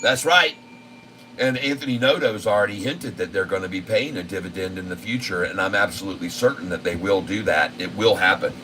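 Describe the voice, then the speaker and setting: Here a deep-voiced man speaks fairly quickly while hosting a live stock market show, pressing on and repeating himself through lengthy price lists. It's captured on a far-off mic, and air conditioning hums softly in the background.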